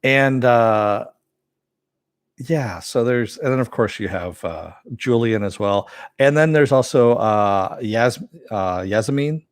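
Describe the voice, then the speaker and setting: A man giving a casual spoken review of an animated series, rambling with many fillers and self-corrections, and answering chat as he goes. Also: medium pitch, slow pace, clean tone, no room sound, studio quality. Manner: reads and answers live chat.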